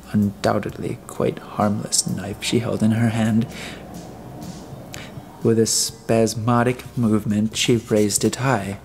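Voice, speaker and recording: A male audiobook narrator reads in a measured, even manner. His voice sits low with a gravelly rasp, and soft music plays faintly in the background. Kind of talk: scripted narration.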